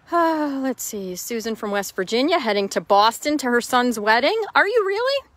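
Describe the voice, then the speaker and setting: A woman's voice: fairly high pitch, fairly bright tone. A woman hosting a casual live stream from her chicken yard outdoors, greeting viewers by name and answering their questions. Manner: chatty, reads out viewer names and answers questions. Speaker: host.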